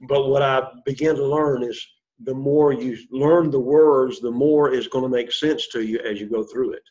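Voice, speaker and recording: A man's voice: medium pitch, fairly even intonation, moderate pace, a little mellow. A man teaching a classroom lesson, explaining step by step, quizzing the class and encouraging them. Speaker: Greek teacher. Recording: dull lo-fi sound.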